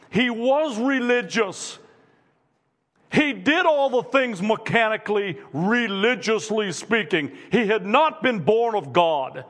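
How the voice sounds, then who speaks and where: A pastor with a notably high-pitched voice delivers an earnest sermon, hammering home repeated questions to his congregation. His voice carries through a church sanctuary with a long, lingering echo.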